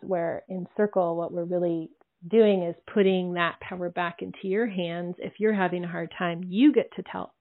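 A woman's voice: fairly low pitch, fairly even intonation, moderate pace. A woman host who runs women's circles talks candidly and with animation, dropping swear words without hesitation. Her voice comes through narrow and tinny, like a phone line. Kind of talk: casual conversation.

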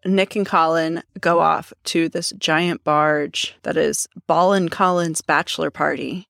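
Low, gravelly-voiced woman recapping a film. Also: no echo, clean studio sound. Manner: recaps plot scenes in a relaxed, matter-of-fact way. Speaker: podcast co-host. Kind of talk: casual movie recap chat.

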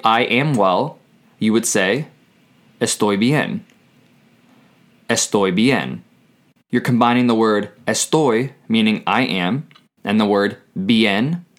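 Guy with a lowish voice teaching beginner spanish on his podcast, slow and careful, says every phrase twice. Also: a bit bright. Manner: slow, deliberate, repeats each phrase twice. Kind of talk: scripted language lesson.

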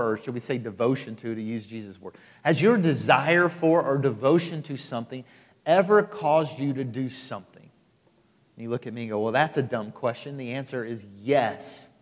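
A male pastor delivering an emphatic sermon, repeating phrases and swinging between loud and quiet. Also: mid-range voice. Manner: emphatic, repetitive preaching with rising and falling intensity. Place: church hall. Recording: live sermon with long hall reverb.

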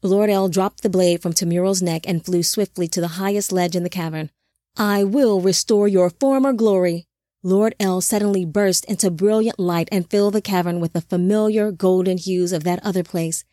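Woman, audiobook narrator, measured reading, mellow low voice, dry close sound. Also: fairly even intonation, no echo.

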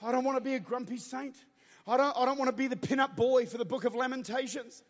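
High-voiced preaching man in a hall. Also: fairly even intonation, quick pace. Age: 30s. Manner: preaching with loud bursts and call-and-response. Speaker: pastor. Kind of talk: Pentecostal sermon. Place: church auditorium. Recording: long echo of a large hall.

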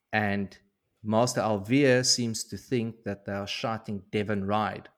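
Low-voiced man retelling a story. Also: a little slow. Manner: animated storyteller, slangy. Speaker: podcast co-host. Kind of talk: casual book recap.

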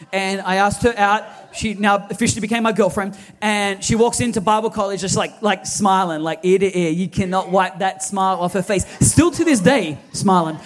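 A man, preaching a sermon as lead pastor, telling stories animatedly with quoted dialogue. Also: sits high.

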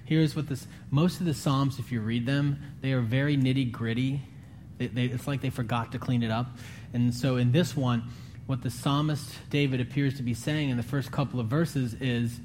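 A man preaching a sermon in an earnest, conversational way, his voice climbing higher when he pleads. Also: steady tone, moderate pace, a little mellow, a little hiss or hum. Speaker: pastor.

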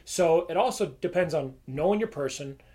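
A male trainer chatting on a podcast in an easygoing, conversational way, dropping filler words as he thinks. His voice sits a little high for a man. He speaks plainly and without hurry. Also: lively intonation, normal speed, warm tone. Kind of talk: casual podcast talk.

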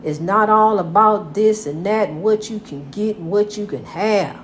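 With slight background noise behind her, a grandmother speaks at medium pitch and a moderate pace. Folksy and repetitive, she calls the listener honey while offering casual, preachy encouragement centered on God.

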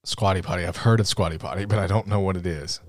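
A man's voice: low voice, fast. A man hosting a podcast in casual, joking chat. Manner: animated, joking. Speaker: podcast host.

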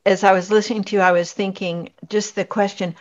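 A woman's voice: mid-range voice, flat delivery, fairly quick. A woman hosting a podcast interview, affirming and reflective as she responds to her guest. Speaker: podcast host. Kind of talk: interview conversation. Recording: slightly dull lo-fi sound.

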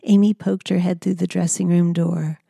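A woman reading her own memoir aloud in a calm, measured storytelling manner. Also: on the low side, vocal fry, slightly rough, no echo, clean studio sound. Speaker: memoir narrator. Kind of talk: audiobook memoir narration.

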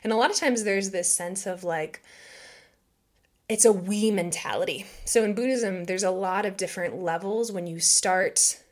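A woman with a mid-pitched voice talks through spiritual ideas in a loose podcast chat. She is reflective and conversational, peppering her talk with "like" and "right?" and playfully voicing the thoughts she quotes. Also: normal speed. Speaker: podcast host.

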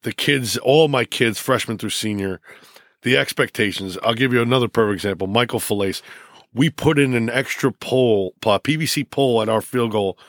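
A middle-aged man, a high school football coach, telling stories emotionally in a casual interview, with many restarts and repeats. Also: normal speed, fairly bright tone, no echo, clean studio sound.

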